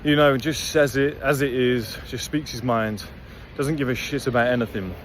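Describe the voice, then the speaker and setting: A man's voice: medium pitch, fairly even intonation, moderate pace, slight background noise. A man giving a blunt, rambling, profane motivational monologue to camera as host of his own channel. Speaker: motivational vlogger.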